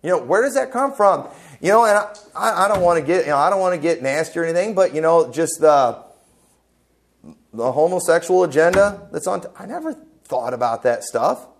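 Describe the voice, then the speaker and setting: A man's voice: a little high, expressive, fairly quick, creaky, a little hiss or hum. A man preaching a sermon as pastor, emphatic and folksy, full of rhetorical questions, in a church. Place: church sanctuary.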